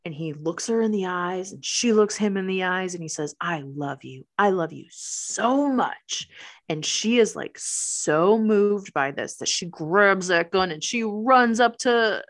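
A woman's voice: mid-range voice, measured pace, few pauses. A woman in casual chat, animatedly retelling a movie plot and acting out quotes. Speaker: podcast co-host recapping a movie.

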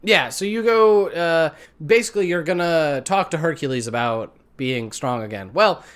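A man with a fairly high voice that swoops and bounces all over as he talks. He co-hosts a laid-back gaming podcast, retelling a game's story with swearing and dry sarcasm. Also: animated, normal speed, fairly bright tone, smooth. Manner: profane, joking, recapping a game plot with sarcastic asides. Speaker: podcast co-host. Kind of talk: casual gaming podcast chat.

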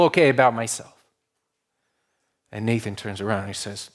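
A man preaching a conversational sermon, explaining a passage with rhetorical questions and dropping to a hushed voice for quotes. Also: lowish voice, normal speed, long pauses. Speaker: pastor.

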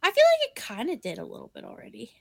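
A woman co-hosting a casual chat, animated and swearing freely, poking fun at herself. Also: mid-range voice, fast talker, vocal fry. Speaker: podcast co-host.

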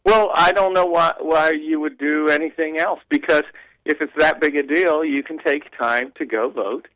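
Male radio regular, drawl, opinionated and mocking, higher voice, dry studio mic. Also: normal speed, fairly bright tone, dry recording, low-quality recording. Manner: opinionated, mocking quoted voices, rambling restarts. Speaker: radio show regular guest. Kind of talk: talk radio commentary.

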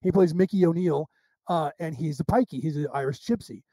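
An American man talks as a guest in a casual interview, telling long, winding stories with plenty of restarts. His voice sits high but has a soft, mellow tone. The sound is close and dry, with no room echo. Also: brisk. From United States. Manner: rambling, animated anecdotes with restarts.

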